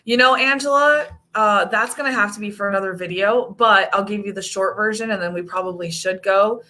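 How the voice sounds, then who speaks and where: An American woman in her thirties chats on her vlog, telling stories with animated, high-pitched quoted lines. Her voice is bright and clear, and her talk is easygoing. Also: fairly quick. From United States. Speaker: vlogger. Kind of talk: casual chat.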